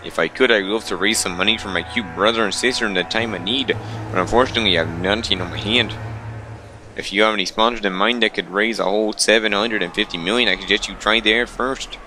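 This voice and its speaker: A man voicing a sly, gloating older brother in a low, slow, smug voice, in a visual novel reading. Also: background noise, natural voice.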